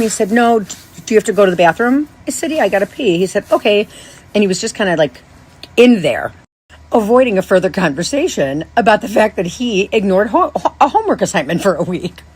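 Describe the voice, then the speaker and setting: A woman in her thirties, a podcast host, telling a rambling, animated story with many restarts and asides. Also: medium pitch, husky. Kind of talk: casual storytelling monologue.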